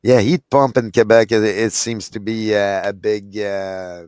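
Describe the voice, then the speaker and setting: A man with a lowish voice recounting a family story in casual chat, stumbling over restarts as he goes. The sound is dry and close, with little room echo. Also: fairly even intonation, darkish tone, smooth. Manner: halting storytelling with many restarts. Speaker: podcast co-host.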